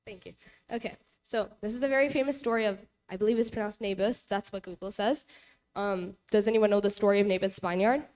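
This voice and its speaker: A young woman leads a relaxed Bible lesson in a church hall. She retells the story casually, leaning on "like" and "you know" as she goes. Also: medium pitch, brisk. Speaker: Bible study presenter.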